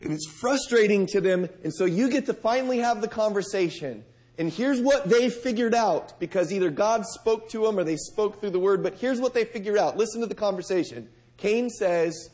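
Male preacher, high voice, conversational sermon delivery with questions to the congregation, loud and hushed by turns. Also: animated, normal speed. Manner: conversational, asks the audience direct questions.

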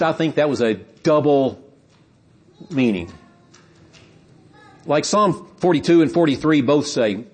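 Male preacher, sermon delivery, husky voice pitched fairly high, earnest and building emphasis. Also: expressive, slow, long pauses. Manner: earnest, explanatory, with repeated words and emphatic build-ups.

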